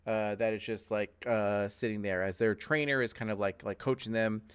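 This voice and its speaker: A man's voice: fairly low pitch, steady tone, normal speed, clear, resonant tone. Rambling male game master. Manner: rambling, full of fillers. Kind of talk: narrating a tabletop game.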